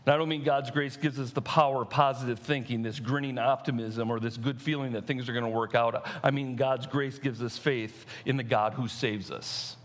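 A middle-aged male pastor preaching a sermon, retelling a story and slowing down for emphasis. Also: medium pitch, steady tone.

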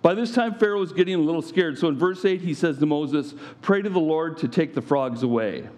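Animated preacher man. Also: fairly high pitch, a little fast. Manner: animated, playful, acts out scripture with mock voices. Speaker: pastor. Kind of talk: sermon.

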